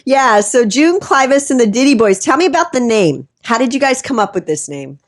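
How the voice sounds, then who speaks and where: A woman's voice: a little high, sing-song, brisk. A woman hosting a casual interview, chatty and frank, who laughs often. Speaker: host.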